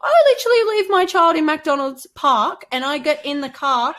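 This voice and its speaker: A woman's voice: sits high, expressive, normal speed, fairly bright tone. A woman, a podcast host and mother, giving supportive advice in casual chat and coaching with rhetorical questions.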